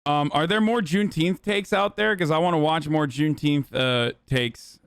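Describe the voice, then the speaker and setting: A man's voice: a little high, normal speed, clear, resonant tone, dry recording, clean studio sound. A man hosting a political stream, reading headlines aloud with sarcastic, profane reactions. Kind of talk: live stream commentary.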